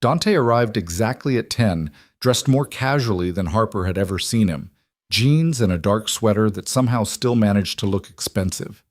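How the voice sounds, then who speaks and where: A man narrating a romance story in a measured, even storytelling manner. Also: on the low side, dry recording, studio quality.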